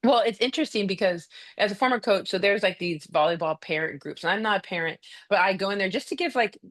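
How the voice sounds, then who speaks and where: A woman, a mediator and former coach, talking in a direct, animated way as a podcast guest. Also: medium pitch, fast talker. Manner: direct, animated storytelling with acted quotes. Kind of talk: casual conversation.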